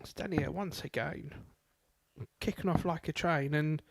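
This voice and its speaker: A man's voice: on the high side, unhurried, vocal fry, breathy edge, dry recording. A man co-commentating live darts, chatty and conversational in his analysis.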